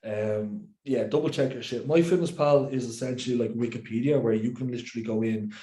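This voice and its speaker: A man's voice: mid-range voice, fairly even intonation, fairly quick, warm tone. A man coaching and hosting a casual podcast chat, talking bluntly and swearing freely. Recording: roomy echo.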